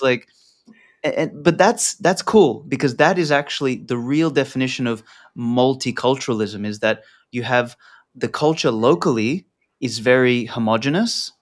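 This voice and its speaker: A man's voice: mid-range voice, moderate pace. A man talking as an interview guest, loose and rambling, with lots of fillers and casual swearing. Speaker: podcast guest.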